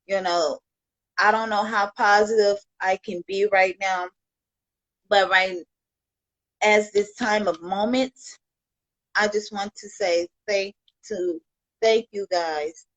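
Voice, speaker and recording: A woman's voice: mid-range voice, steady tone, takes it slowly, pauses often, a bit bright, no room sound, lo-fi sound. A woman from Chicago on a livestream, talking with heartfelt, rambling thanks to her viewers and peppering her talk with "you know". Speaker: livestream host.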